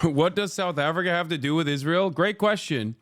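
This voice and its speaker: A man's voice: a little high, a little fast, fairly bright tone. A man streaming live, commenting on clips in a rambling, emphatic way and talking to his chat.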